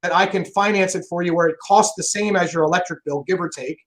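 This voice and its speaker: A man talking fast and emphatically in a casual interview about selling, rambling and swearing freely. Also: high-pitched, fairly bright tone, rough recording. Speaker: solar sales pro guest.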